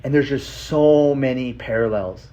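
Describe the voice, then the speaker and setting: A man telling a personal story in a casual, rambling way, full of filler words and swearing, emotional and excited. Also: medium pitch, measured pace. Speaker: vlogger.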